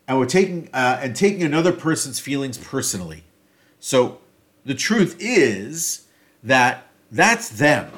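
A man at a middle pitch gives a reflective solo talk on a self-help topic. He thinks aloud in loose sentences, stopping to restart and filling gaps with small hedging words. His loudness rises and falls as he goes. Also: big pitch swings, moderate pace.

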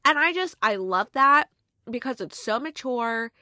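Chatty young woman reviewer, bright crisp voice, dry close sound, lots of "like" and "um". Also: a little high, animated, measured pace, no room sound. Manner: chatty, filler-heavy, emotional. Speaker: movie reviewer. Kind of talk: casual movie recap.

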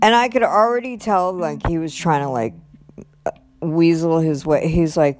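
A woman's voice: normal speed, soft background music. A middle-aged woman candidly recounting a personal story, quoting others with lots of "like" and "you know.". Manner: animated retelling, quoting others with rising pitch, fillers like "like" and "you know".

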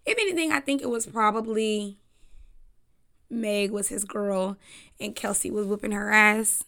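A woman's voice: medium pitch, unhurried, gravelly, bright, forceful tone. A young woman hosting a casual talk show, rambling and cussing with laughing asides. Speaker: podcast host. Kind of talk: casual storytelling chat.

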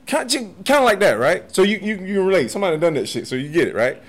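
Laughing often and cursing without restraint, a martial arts master in his forties or older spins stories as a podcast guest. His pitch is high and his pace quick, and the whole exchange feels animated and casual.

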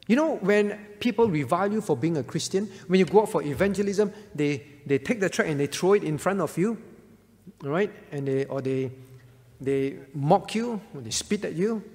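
A man's voice: a little high, darkish tone. Earnest preaching man in a reverberant hall. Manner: earnest preaching, often checking in with "all right?". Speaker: pastor. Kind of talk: sermon.

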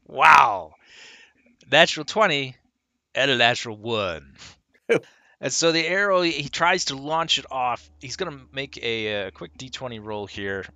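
A man narrating as game master, describing attacks vividly and working out ranges and distances out loud. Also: mid-range voice, expressive, moderate pace, no echo. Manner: descriptive, works out distances aloud.

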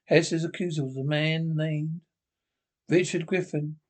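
A man's voice: a little high, fairly even intonation, a little slow, natural voice. A frightened young wife , played by a man, pleads in a raised, urgent voice. Her words come anxious and insistent, full of dread. It sounds like an old radio play. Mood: urgent fear.

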